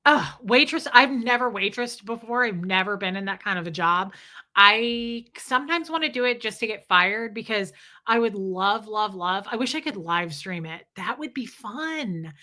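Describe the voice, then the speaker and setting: A woman, ranting casually to her live stream chat and acting out the people she talks about. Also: mid-range voice. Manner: animated, acts out people in quick quoted voices.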